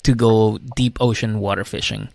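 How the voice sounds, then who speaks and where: A man with a gravelly, creaky edge to his voice chats through an episode recap. He slips into quick impressions of the cast in a laid-back, amused way. The sound is close and dry, with no room around it. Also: lowish voice, fairly even intonation, darkish tone, dry recording. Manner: laid-back storytelling with playful mimicry of the cast. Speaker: podcast co-host. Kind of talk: casual TV recap chat.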